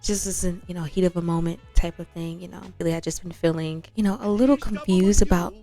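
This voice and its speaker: A flustered young woman in a life-sim game stammers and trails off, voiced by a woman. She restarts her sentences and sounds unsure. Her voice sits lowish and a faint music bed runs behind. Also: steady tone, warm tone, natural voice. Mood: hesitant. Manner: halting, trailing off, many restarts. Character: awkward young woman turning down nothing, flustered and apologetic.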